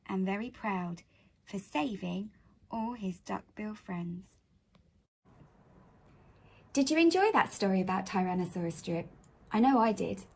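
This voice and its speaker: A woman teacher reading a picture book to children, gentle and asking them questions. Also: mid-range voice, vocal fry, breathy edge.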